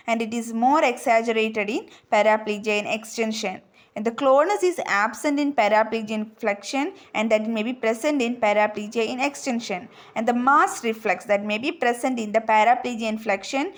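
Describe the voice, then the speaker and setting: Hesitant woman giving a medical lecture. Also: a little high. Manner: hesitant, many fillers and self-corrections, repeats points.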